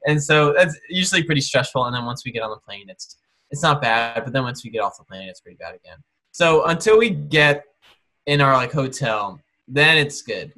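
A man with a bright, slightly tense voice co-hosts a casual podcast chat. He rambles loosely through a story, full of fillers, and slips into imitations of the people in it. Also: medium pitch, a little fast. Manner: relaxed storytelling with fillers and mimicry. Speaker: podcast co-host.

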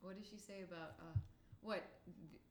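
A woman's voice: fairly low pitch, steady tone, normal speed, a little hiss or hum. A woman co-hosting a podcast, chatting casually and chiming in with short agreeing replies. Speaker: podcast co-host. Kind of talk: casual chat.

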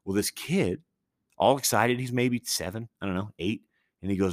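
A man's voice: on the low side, animated, normal speed, no room sound, studio quality. A man hosting a podcast on his own, telling a story casually and rambling with many restarts, swearing and sounding incredulous. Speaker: podcast host.

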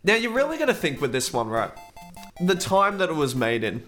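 A man co-hosting a casual video game music podcast, sounding stuffed up from hay fever, relaxed and full of fillers and laughs. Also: on the high side, a little fast. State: blocked nose from hay fever. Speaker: podcast co-host.

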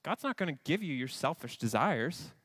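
A man's voice: a little high, very animated, normal speed, fairly bright tone, husky. A man preaching a sermon to a congregation, earnest, with quoted asides and restarts. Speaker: pastor.

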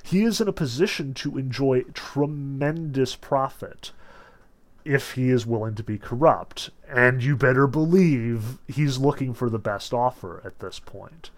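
In a casual literature talk, this man keeps his pitch medium and his pace measured. His delivery is conversational, sprinkled with "like" and "notice," and he stops to read excerpts from a novel out loud.

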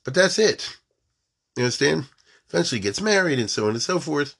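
A man's voice: fairly high pitch, lively intonation, brisk, gravelly, a bit bright, breathy edge. A man giving an informal storytelling lecture, mixing in Hebrew and Yiddish terms and often checking that his listeners follow.

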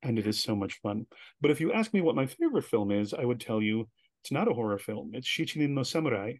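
A man as an interview guest, telling animated stories and acting out the voices of people he quotes. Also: medium pitch, quick pace, no room sound, clean studio sound. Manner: animated storyteller who acts out quoted voices. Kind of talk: casual storytelling interview.

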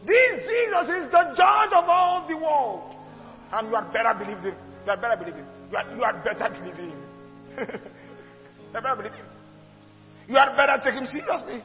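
A man preaching a sermon as a pastor, emphatic and repetitive, with sudden loud outbursts. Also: high-pitched. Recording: dull sound with long hall reverb and soft music.

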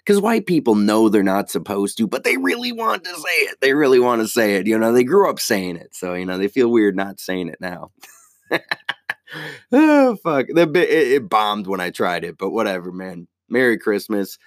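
Profane rambling podcast comic, low voice. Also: male voice, brisk, few pauses, dry recording, studio quality. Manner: profane, rambling, animated storytelling. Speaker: podcast host, stand-up comic. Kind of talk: casual solo podcast rant.

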